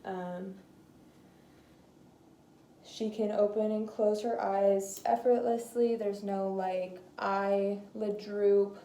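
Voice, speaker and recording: A woman's voice: mid-range voice, fairly even intonation, slow, dark tone. A woman talking through a clinical nerve exam in a hesitant way, with many fillers, in an echoey room. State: slightly out of breath. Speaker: student doing a clinical neuro exam. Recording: echoey room, faint noise.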